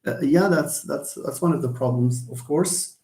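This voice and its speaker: Lecturing his class in a roomy-sounding space, this male linguistics lecturer has a fairly high yet dark voice. His delivery is slow and halting, full of hesitations as he restarts often while thinking aloud.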